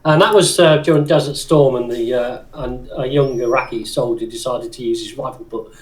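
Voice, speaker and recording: A man's voice: mid-range voice, steady tone, brisk. Man telling rambling stories. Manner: rambling war stories, often laughing. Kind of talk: casual chat.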